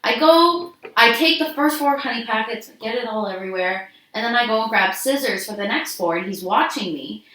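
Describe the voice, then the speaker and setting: Animated young woman in an echoey room. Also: fairly high pitch, brisk, hardly any pauses. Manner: animated storyteller who acts out the people in her stories. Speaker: podcast co-host. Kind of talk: casual chat. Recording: echoey room with faint noise.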